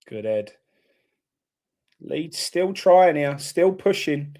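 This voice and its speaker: A man's voice: a little high, lively intonation, drawn-out words, dark tone. A man hosting a live football watchalong, chatting casually and reacting bluntly to the play.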